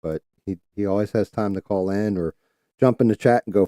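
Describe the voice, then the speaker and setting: Low-voiced man hosting a livestream, profane heated ranting, dry close sound. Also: brisk, warm tone, dry recording. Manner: profane, heated, mocking quoted callers. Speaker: livestream host. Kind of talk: casual ranting chat. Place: home streaming setup.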